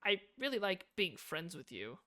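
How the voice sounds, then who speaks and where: A man voicing a shy, bookish teenage girl with a soft, hesitant manner, reading her lines from a game. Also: high-pitched, wildly swooping pitch, normal speed, dry recording, clean studio sound, exaggerated voice.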